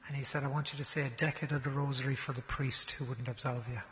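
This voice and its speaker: A man giving a parish mission talk, telling a story and swinging from hushed, slow lines to loud, raised ones. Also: medium pitch, fairly even intonation, big-room sound. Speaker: guest speaker. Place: large church.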